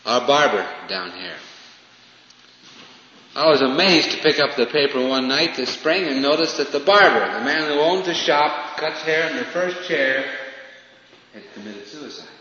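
A man preaching a sermon, swinging from loud emphatic lines to hushed, falling phrases. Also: on the high side, animated, measured pace. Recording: dull, roomy hall recording with faint hiss.

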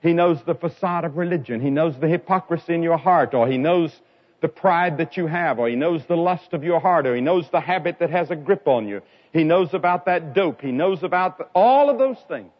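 A man preaching an evangelistic sermon, telling stories dramatically and swinging from loud cries to quiet lines. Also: brisk. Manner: dramatic storytelling with sharp swings in pitch and loudness. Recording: dull lo-fi recording.

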